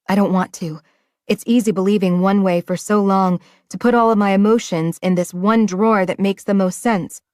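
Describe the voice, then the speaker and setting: A woman reads a first-person romance audiobook in an emotional, often hushed way. Her voice sits at a middling pitch, and the recording is close and dry with no room sound. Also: no echo. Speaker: audiobook narrator.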